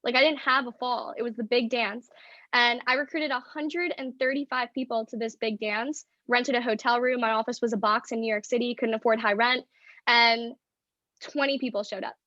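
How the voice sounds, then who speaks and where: A woman's voice: on the high side, fairly even intonation, moderate pace, pushed and bright, dry recording, highs cut off. A woman in her twenties from the northeastern US, a podcast guest telling a personal story frankly, with lots of "like" fillers. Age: 20s. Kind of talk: candid storytelling in a podcast interview.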